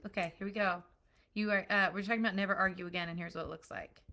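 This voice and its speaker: A woman's voice: mid-range voice, steady tone, fast talker, bright, forceful tone. A woman parenting coach giving an earnest, emphatic recorded lesson built on analogies.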